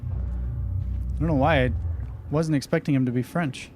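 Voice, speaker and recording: A man streams a game live and talks through it in a casual, wry, chatty way, answering viewers as he plays. His voice sits a little high, with faint music underneath. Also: fairly even intonation, unhurried, a little mellow. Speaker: streamer host. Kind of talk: live gameplay commentary.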